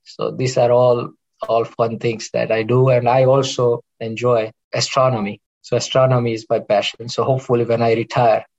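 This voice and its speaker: A middle-aged man with a gravelly voice chats as a guest, telling long stories about his work and family. He restarts his sentences often and speaks in a relaxed, unscripted way. The sound is a little dull and lo-fi. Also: mid-range voice, normal speed. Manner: rambling, warm storytelling with restarts. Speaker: interventional cardiologist guest. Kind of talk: casual interview chat.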